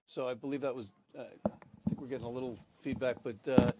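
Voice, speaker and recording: A man's voice: medium pitch, fairly even intonation, fast, mellow, no room sound. Easygoing male rugby commentator. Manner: easygoing, hands off to the sideline. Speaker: play-by-play commentator. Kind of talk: sports broadcast commentary.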